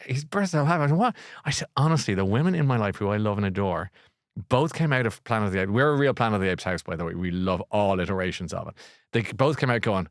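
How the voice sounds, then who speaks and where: A man's voice: mid-range voice, lively intonation, fairly quick, fairly bright tone, dry recording, clean studio sound. A middle-aged man hosting a book show, rambling and jokey with lots of fillers and restarts. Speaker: radio book show host. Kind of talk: casual chat.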